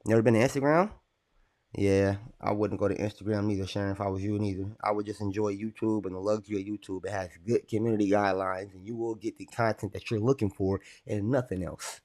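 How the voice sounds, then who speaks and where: Young male streamer, lowish voice, loose rambling commentary with an irritated edge. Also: fairly even intonation, quick pace, a little mellow. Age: young adult. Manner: rambling, irritated, talks to chat. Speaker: livestreamer. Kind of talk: casual livestream commentary.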